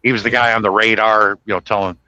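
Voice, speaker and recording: A man's voice: fairly low pitch, fairly even intonation, fast talker, pushed and bright, no room sound, lo-fi sound. A man hosting a casual chat, retelling movie scenes in a rambling, self-correcting way. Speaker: host. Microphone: podcast microphone.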